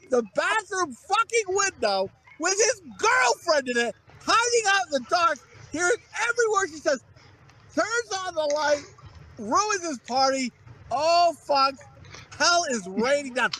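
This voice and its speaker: A man with a strikingly high voice tells a loose, rambling story on a podcast, swearing constantly and stumbling over fillers and restarts. Faint noise sits under his voice. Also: very animated, moderate pace, bright, forceful tone. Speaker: podcast co-host. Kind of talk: casual storytelling chat.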